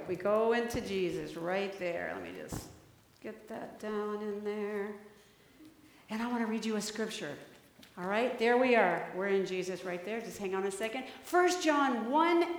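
A woman giving a children's sermon in a church, coaxing the children with lively questions. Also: mid-range voice, a little slow. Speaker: children's message leader. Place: church sanctuary. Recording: echoey hall, roomy.

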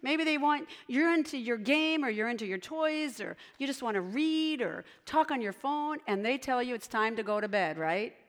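A woman leading a children's sermon, gently asking the children questions and talking to them directly. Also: fairly high pitch, lively intonation, moderate pace, few pauses. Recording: long hall reverb.

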